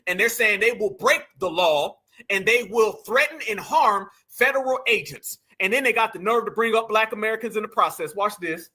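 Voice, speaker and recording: A male host reacts to clips with mocking indignation and often speaks straight to his viewers. His voice is very high and bright, and it rises and pushes hard when he gets worked up. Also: normal speed, few pauses. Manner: mocking, indignant, animated, addresses viewers as family. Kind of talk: casual commentary on video clips.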